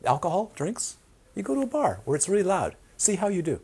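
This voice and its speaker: A man giving an informal Dharma talk to a small group, telling stories with animated asides. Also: high voice, fairly quick, breathy edge. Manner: animated storytelling, acts out quoted voices. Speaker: meditation teacher.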